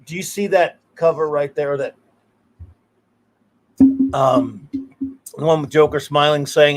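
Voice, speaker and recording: A man's voice: on the high side, slow, long pauses. A man hosting a podcast, chatting casually and rambling with many restarts. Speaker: podcast host. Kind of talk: casual chat.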